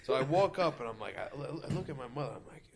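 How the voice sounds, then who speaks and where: A man's voice: mid-range voice, sing-song, fast, vocal fry, crowd noise. Rambling young man telling a crude story. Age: 20s. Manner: rambling, crude, lots of fillers and repeats. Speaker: podcast storyteller. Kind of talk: casual chat, telling a story.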